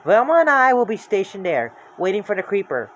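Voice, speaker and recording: A storybook reader voicing a confident young male leader who talks in a brisk, take-charge way. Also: mid-range voice, very animated, fairly bright tone, highs cut off, slight background noise, voice pushed up.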